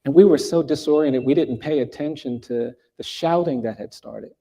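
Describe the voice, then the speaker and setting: A man's voice: fairly high pitch, moderate pace, mellow. A middle-aged man telling a personal story in an earnest, reflective way, often restarting his sentences and rising for emphasis.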